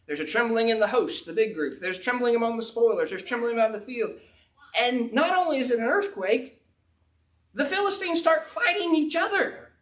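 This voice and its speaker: High-voiced preacher, folksy. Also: male voice, expressive, moderate pace, fairly bright tone. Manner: folksy storytelling with frequent fillers. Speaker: pastor. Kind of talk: sermon, retelling a Bible story.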